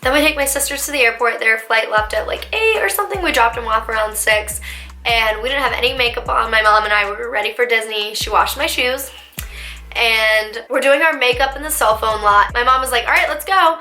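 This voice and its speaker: A young woman vlogger telling a dramatic story in a lively, animated way. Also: fairly high pitch, brisk, soft background music. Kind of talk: storytime vlog. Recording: echoey room.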